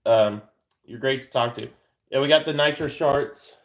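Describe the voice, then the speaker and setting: A man's voice: medium pitch, normal speed, highs cut off. Rambling, joking man streaming live. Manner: rambling and joking, with frequent stammered restarts. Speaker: livestream host. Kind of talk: casual livestream chat answering viewers.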